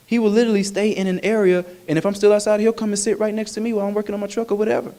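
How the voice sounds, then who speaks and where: A male minister preaching a sermon in an animated, humorous, conversational way. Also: high-pitched, very fast, few pauses.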